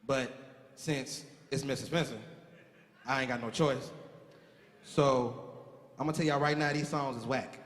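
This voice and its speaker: A man on stage as emcee, teasing the audience in comic banter with drawn-out sighs. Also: medium pitch, steady tone, a bit bright. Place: theater stage with live audience. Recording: echoey theater hall with live music.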